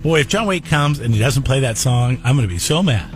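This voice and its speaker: A man with a mid-range voice hosting a radio morning show and taking callers. He talks in a playful, halting way, restarting his sentences often, with faint music playing behind him. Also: mid-range voice, expressive. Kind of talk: casual on-air banter and call-in game. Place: radio studio.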